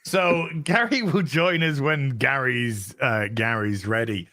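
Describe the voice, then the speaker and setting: Lively bright-voiced male host. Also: medium pitch, a little slow. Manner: jokey, mimics accents. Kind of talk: casual chat.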